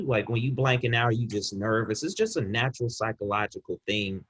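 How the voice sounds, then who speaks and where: A man's voice: medium pitch, very animated, fairly quick, fairly bright tone, husky. A man co-hosting a podcast, giving a casual, rambling movie review with frequent restarts. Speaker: podcast co-host.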